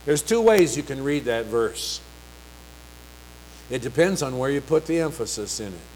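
A man preaching a sermon, reading scripture slowly and emphatically, with rising, pleading passages. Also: mid-range voice, big pitch swings, darkish tone, slight background noise, rough recording.

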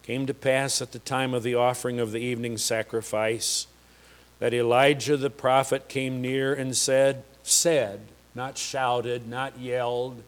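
A man preaching a sermon, slow and emphatic, asking the congregation rhetorical questions. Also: mid-range voice, level tone. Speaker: pastor.

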